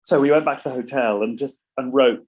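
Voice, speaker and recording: A middle-aged man chatting as an interview guest, his voice husky and a little breathy. He rambles, stops and restarts, repeating words as he gathers his thoughts. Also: medium pitch, brisk, a little mellow, low-quality recording. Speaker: songwriter guest. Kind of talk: casual interview chat.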